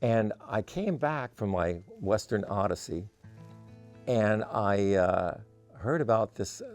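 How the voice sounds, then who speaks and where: A man's voice: on the low side, expressive, slow, darkish tone, faint music behind. A man, a musician guest in an interview, telling stories in a rambling way with many "you know" fillers. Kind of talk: casual interview storytelling.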